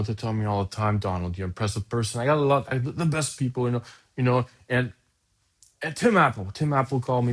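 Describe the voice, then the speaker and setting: A man's voice: medium pitch, natural voice. A man putting on an impression of a boastful, rambling older male politician during a podcast reading. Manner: bragging, repetitive, self-interrupting.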